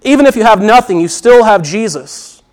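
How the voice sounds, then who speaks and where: High-voiced man preaching earnestly. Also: animated, moderate pace. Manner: earnest, repeats key phrases, asks and answers questions. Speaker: pastor. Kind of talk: sermon.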